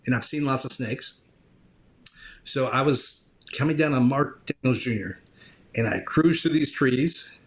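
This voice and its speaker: A man with a mid-range voice, a guest on a podcast, telling a work story in a casual way. He is an animated storyteller who acts out other people's reactions along the way. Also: medium pitch, low-quality recording. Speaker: guest, drone operator.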